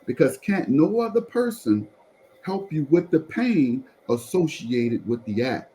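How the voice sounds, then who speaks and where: Lively, animated man preaching testimony. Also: on the high side, unhurried, a little hiss or hum, rough recording. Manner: animated storyteller, repeatedly telling the listener to follow along. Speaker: pastor.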